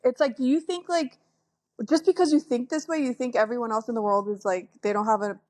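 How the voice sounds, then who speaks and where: A woman's voice: on the high side, fairly even intonation, a little fast, a little mellow. A woman co-hosting a casual podcast chat about reality TV, opinionated and emphatic, laughing often. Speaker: podcast co-host.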